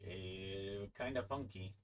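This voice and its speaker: A man's voice: low-pitched, slow, low-quality recording. A man streaming a game, reading its text aloud into a desk microphone and breaking off for casual asides. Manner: reads text evenly, breaks off for casual comments.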